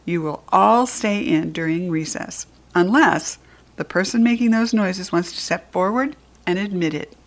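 A woman's voice: on the low side, measured pace. A woman reading aloud, voicing a strict schoolteacher who speaks firmly and sharply. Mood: stern. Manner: firm, clipped.

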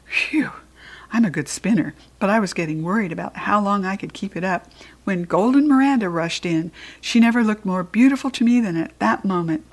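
Woman narrator for a children's audiobook, animated and playful, mid-range voice. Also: medium pitch, normal speed. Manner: lively, expressive, playful. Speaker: audiobook reader. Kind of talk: first-person storybook narration.

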